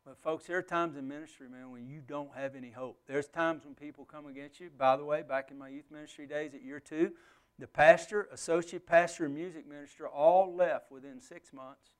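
A man preaching a sermon as a pastor and missionary, earnest, swinging from loud emphasis to hushed, near-whispered passages. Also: a little high, steady tone, brisk, smooth.

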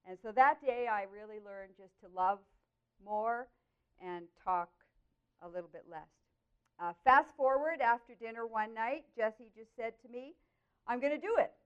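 A woman sharing her personal Christian testimony, telling the story in an earnest, expressive way with lively swings in her voice. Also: fairly high pitch, a little slow, clear, resonant tone. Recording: dull, lo-fi audio.

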